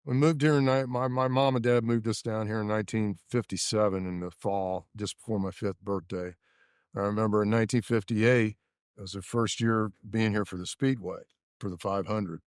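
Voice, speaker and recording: A man in his seventies from Indianapolis, a former race mechanic telling stories in a studio interview at a measured pace with many fillers. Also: lowish voice, steady tone, clear, resonant tone, no echo. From Indianapolis, USA. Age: 70s. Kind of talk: casual interview storytelling.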